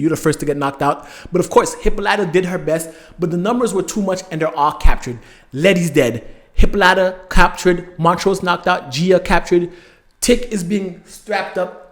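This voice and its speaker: High-voiced excitable man recapping a show. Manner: animated, emotional storytelling with acted-out reactions. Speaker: host.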